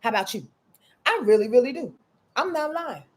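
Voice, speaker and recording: Animated, slangy woman in her fifties. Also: on the high side, a little fast. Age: 50s. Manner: animated, slangy and profane, addresses listeners as y'all; swings between loud outbursts and soft murmurs. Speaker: astrology host. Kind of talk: casual astrology forecast monologue.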